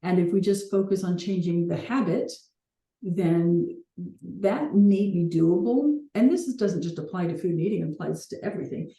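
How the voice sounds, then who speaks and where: A woman's voice: fairly low pitch, normal speed, warm tone, roomy sound. A woman hosting a coaching call, talking earnestly and reflectively with light laughs now and then.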